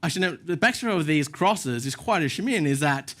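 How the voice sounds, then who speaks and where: A male pastor giving a sermon in a church, telling stories in a relaxed, self-mocking way. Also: fairly high pitch, brisk. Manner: casual storytelling with self-deprecating asides.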